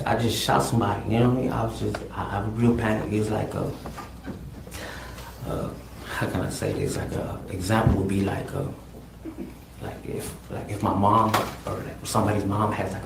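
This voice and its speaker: Low gravelly man testifying in court. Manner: halting, repeats words, says "man". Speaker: defendant testifying. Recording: echoey courtroom with noise.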